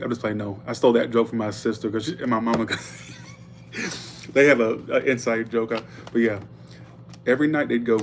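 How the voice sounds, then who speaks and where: Man, tarot reader, casual livestream, chatty, blunt, medium pitch, faint hum behind. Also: flat delivery, a little fast, vocal fry. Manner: chatty and blunt, thanking viewers for tips. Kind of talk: casual live tarot reading.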